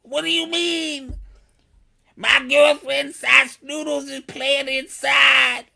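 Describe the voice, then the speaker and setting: A man voicing a flamboyant, whiny male alien crime boss, done in a high gravelly put-on voice. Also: flat delivery, takes it slowly, bright, forceful tone, heavily acted. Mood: indignant.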